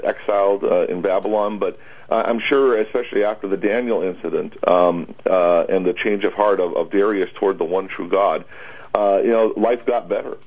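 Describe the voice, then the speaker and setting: Pastor, male, lowish husky voice, hesitant unscripted radio talk with frequent fillers. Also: steady tone, darkish tone, rough recording. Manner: halting, many fillers and restarts. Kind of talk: conversational Bible discussion.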